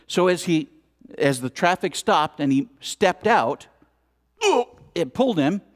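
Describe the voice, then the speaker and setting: A man's voice: on the high side, slow pace. A man giving a storytelling sermon at a spiritual center, acting out the scenes with exclamations. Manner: animated, acts out scenes with exclamations. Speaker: speaker at a spiritual center service.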